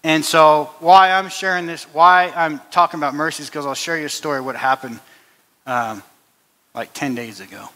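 A man's voice: fairly high pitch, moderate pace, bright, forceful tone. A man preaching a sermon and telling a personal story, earnest, with frequent restarts and repetitions. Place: church hall. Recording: long hall reverb.

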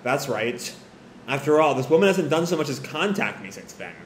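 A man's voice: fairly high pitch, very animated, normal speed. A flustered, overly polite young man who sputters his words, read by a man close to his own voice. The sound is echoey, with a faint hiss underneath. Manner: sputtering, formal.

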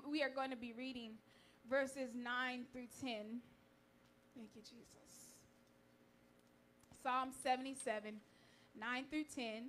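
A young woman with a noticeably high voice speaks to a church congregation. She moves between grateful acknowledgments and measured scripture reading, steady and earnest. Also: a little hiss or hum. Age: young adult. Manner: fervent tearful prayer, then warm measured preaching. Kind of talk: sermon. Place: church sanctuary.

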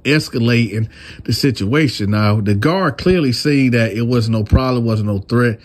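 A man hosting a casual storytime, retelling in an animated, slangy way. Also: mid-range voice. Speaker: storyteller, channel host.

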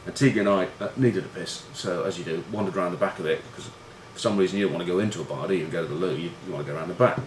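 Racing along with hardly any pauses, a middle-aged ex-rugby player rambles through stories in a slightly low voice, cursing, mocking himself and using plenty of fillers. The echoey room carries a faint background hiss.

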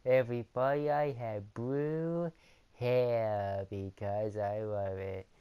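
A man voicing a vain male wrestler boasting about his blue hair, in a loud, drawn-out, showy way. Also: medium pitch, fairly even intonation, smooth, lo-fi sound, natural voice. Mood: boastful.

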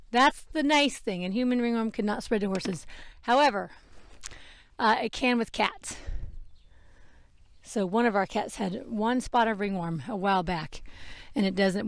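A woman's voice: medium pitch, no room sound. A woman hosting a casual talk while grooming her horse, chatty and rambling, correcting herself and laughing at her slips. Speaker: podcast host and horse trainer. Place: outdoors with a horse. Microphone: wearable microphone.

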